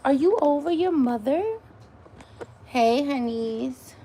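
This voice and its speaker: A woman hosts a laid-back live stream at home on her phone, talking slowly in a high-pitched voice with a dark tone. She chats with viewers and croons baby talk to her dog. Slight background noise can be heard.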